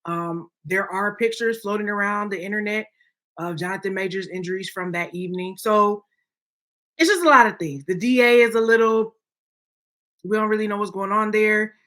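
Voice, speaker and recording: A woman co-hosts a talk podcast in a bright, forward voice. She argues her opinions emphatically and keeps tagging sentences with "okay?" to pull the listener along. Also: mid-range voice, moderate pace. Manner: emphatic, frequent "okay?" check-ins. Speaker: podcast co-host. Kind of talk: opinionated casual chat.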